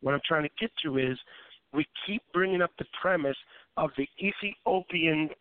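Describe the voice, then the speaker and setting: A man who is a pastor, speaking in a measured way and holding firm when interrupted. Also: fairly high pitch, no room sound. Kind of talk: panel discussion. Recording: phone-like narrow sound.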